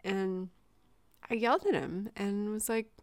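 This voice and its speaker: A woman in her forties from Southern California speaks candidly about her week, her voice carrying a gravelly edge. The recording is dry and close. She talks in loose, emotional bursts with plenty of fillers. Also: medium pitch, animated, moderate pace, no echo. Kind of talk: casual chat.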